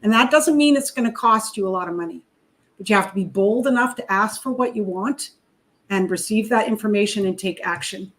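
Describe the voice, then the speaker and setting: A woman from Canada speaks with motivational emphasis, stacking words into punchy lists as she preaches to her listeners. Her pitch is medium, and she pushes hard on her key phrases. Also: fairly quick. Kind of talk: motivational interview talk.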